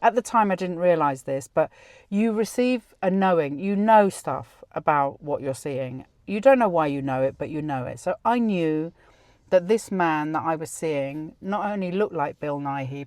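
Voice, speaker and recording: A woman's voice: low voice, moderate pace, darkish tone, dry recording. A middle-aged woman hosting a podcast, telling a personal story in a chatty way and acting out the dialogue. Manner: chatty, many restarts and quoted dialogue. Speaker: podcast host.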